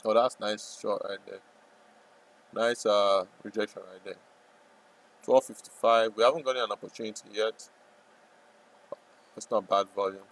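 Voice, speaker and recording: A man talking casually over a live trading stream, rambling and joking, sometimes breaking into loud playful yelling. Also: lowish voice, fairly even intonation, normal speed, pauses often, rough recording.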